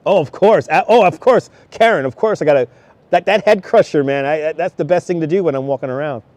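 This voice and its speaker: A man's voice: a little high, a little fast, a little mellow, no room sound. A man in his thirties live-streaming outdoors on a snowy beach, chatting with viewers, greeting them by name and laughing often. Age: 30s. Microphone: wireless clip-on mic.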